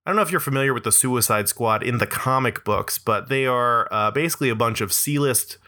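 A man's voice: medium pitch, fairly quick, sharp tone. A man giving a rambling, profane comedic monologue, peppered with "like" and "uh" and frequent laughs.

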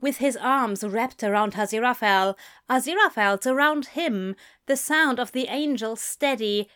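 Soft-spoken woman reading a story slowly. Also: fairly high pitch. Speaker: narrator. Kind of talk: audiobook fan fiction reading.

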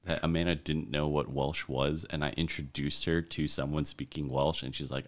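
Casting: deep-voiced male podcast co-host, loose and jokey, curses casually. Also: flat delivery, normal speed, few pauses. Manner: jokey, swears freely, laughs often.

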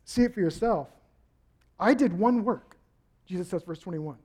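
Male pastor, high voice, animated preaching delivery that acts out the people he quotes. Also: moderate pace, breathy edge. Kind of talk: sermon.

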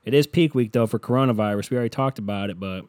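A man's voice: fairly low pitch, racing, darkish tone, no room sound. A man hosting a solo podcast, ranting in a scatterbrained, profane way from a hot indoor room. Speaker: podcast host.

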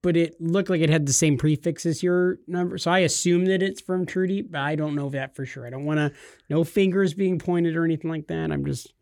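Playful, higher-voiced podcast co-host man. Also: fairly even intonation, brisk, vocal fry, darkish tone, no room sound, clean studio sound. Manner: playful, teasing, enthusiastic. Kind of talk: casual podcast chat.

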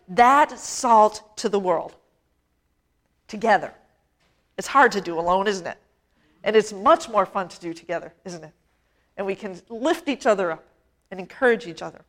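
A woman pastor preaching a sermon in a church, talking conversationally and asking the congregation questions, with slow, emphatic phrases. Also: a little high. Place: church sanctuary.

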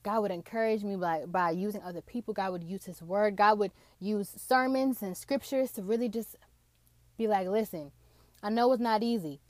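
A woman's voice: mid-range voice, moderate pace, no echo. A young woman telling a personal faith testimony in a casual, emotional way, often saying "like". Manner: emotional, excited, fills with "like".

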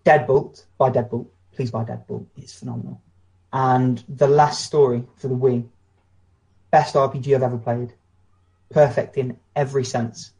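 A man's voice: mid-range voice, steady tone, moderate pace, darkish tone. A British man co-hosting a casual podcast chat, blunt and opinionated, telling anecdotes. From Britain. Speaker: podcast co-host.

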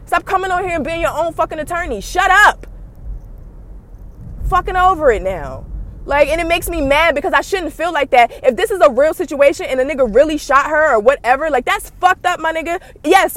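High-pitched woman ranting bluntly. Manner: blunt, profane, animated ranting. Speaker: podcast host. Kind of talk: ranting commentary.

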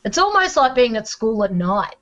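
A woman's voice: fairly high pitch, very animated, fairly bright tone, highs cut off. A woman with an Australian accent, a teacher and regular podcast guest, chatting casually and joking. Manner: chatty, joking, quick to laugh.

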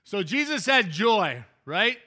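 A man's voice: high-pitched, sing-song, slow, bright, forceful tone. A male pastor giving a chatty, interactive sermon in a church sanctuary, joking with the congregation and often restarting his sentences.

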